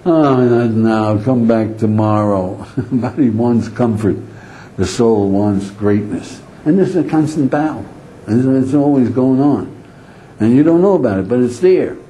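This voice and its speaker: Animated rabbi with a mellow voice. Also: male voice, mid-range voice, measured pace, poor audio. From Israel. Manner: animated storytelling, acts out inner voices, chuckles often. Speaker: rabbi lecturer. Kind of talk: Torah lecture to an audience.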